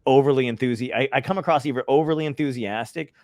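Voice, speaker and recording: A man's voice: mid-range voice, quick pace, darkish tone, no room sound. A young man hosting a casual podcast chat, swearing freely and laughing often. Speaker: podcast host.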